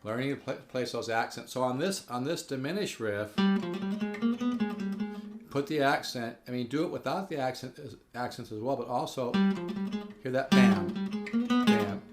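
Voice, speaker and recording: A man's voice: mid-range voice, moderate pace. A man giving a casual spoken guitar lesson, earnest and enthusiastic, often restarting and repeating himself as he plays. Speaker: guitar teacher. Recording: echoey room with guitar playing.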